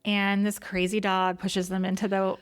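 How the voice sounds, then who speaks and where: A woman's voice: mid-range voice, level tone, moderate pace, smooth. A woman co-hosting a podcast, gushing in casual chat about a movie, with lots of "like" and quoting her own reactions. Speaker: podcast co-host.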